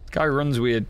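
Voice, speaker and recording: A man's voice: mid-range voice, fairly bright tone, a little hiss or hum. A young man commentating as he plays a game, casual and sweary, with laughing reactions. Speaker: gaming streamer. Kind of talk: let's play commentary.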